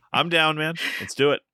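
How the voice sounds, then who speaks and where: A man's voice: a little high, bright, forceful tone, clean tone, no room sound. A man co-hosting a podcast, recapping a film plot in a wry, joking way. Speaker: podcast co-host. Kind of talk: casual film discussion.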